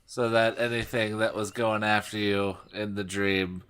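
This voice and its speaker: A man's voice: lowish voice, steady tone, a little slow, a bit bright, clear, resonant tone. A man co-hosting a podcast in casual chat, often stammering and repeating words while he thinks. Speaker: podcast co-host.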